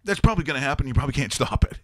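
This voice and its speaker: A man hosting a sports talk show, telling stories in a rambling, animated way and laughing often. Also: medium pitch, racing, no echo, studio quality. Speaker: host.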